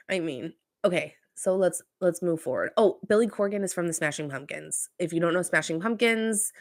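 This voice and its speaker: A woman's voice: on the low side, fairly bright tone, dry recording, studio quality. A woman from Southern California hosting a casual pop culture podcast, rambling chattily with fillers and self-corrections. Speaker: podcast host.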